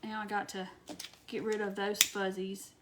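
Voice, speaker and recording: A woman from Wisconsin hosting a casual live-stream craft tutorial, chatting to viewers, answering their comments and muttering soft asides to herself as she works. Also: mid-range voice, flat delivery, normal speed, heavy background noise.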